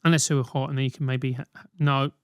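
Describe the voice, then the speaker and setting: A man's voice: mid-range voice, fairly even intonation, fast, clean tone, no room sound, clean studio sound. A man hosting a solo comedic advice podcast, rambling and swearing through comic rants. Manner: rambling, profane, comic ranting. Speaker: podcast host.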